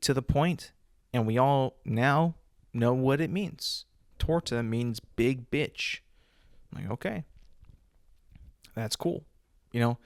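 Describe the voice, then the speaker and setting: A man's voice: mid-range voice, no room sound, studio quality. A young man hosting a solo podcast, telling stories in a rambling, casual way with many fillers. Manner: rambling, filler-heavy storytelling. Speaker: podcast host.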